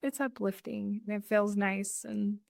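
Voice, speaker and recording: A woman's voice: medium pitch, fairly even intonation, measured pace, creaky, darkish tone, no room sound, clean studio sound. A woman co-host chatting casually and agreeably on a podcast. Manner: chatty, laughs easily, agreeable.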